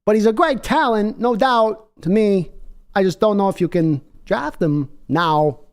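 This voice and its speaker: A man doing a halting, oddly cadenced older guy. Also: high voice, clean tone. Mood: deadpan. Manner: choppy, stop-start phrasing with odd pauses.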